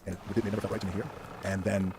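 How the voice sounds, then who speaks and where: A middle-aged man telling his story as a podcast guest, fast and emphatic, swearing freely and restarting phrases as he goes. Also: deep voice, level tone, noisy background. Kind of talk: animated storytelling in a podcast interview.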